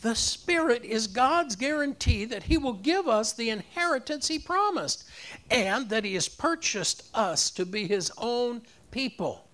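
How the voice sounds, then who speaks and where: A man's voice: very high voice, lively intonation, unhurried, a bit bright. A man preaching a sermon, rising on key phrases and leading the congregation in repeating lines. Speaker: pastor.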